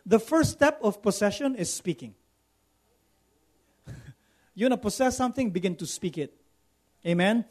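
A man's voice: high voice, expressive, moderate pace, long pauses, darkish tone. A man preaching a sermon, repeating phrases for emphasis and calling for responses from the congregation. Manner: preaching with rising emphatic repetition. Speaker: pastor.

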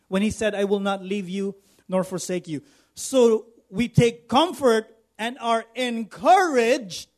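High-voiced preacher. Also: male voice. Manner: preaching with rising emphatic repetition; asks the congregation for responses. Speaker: pastor. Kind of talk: sermon.

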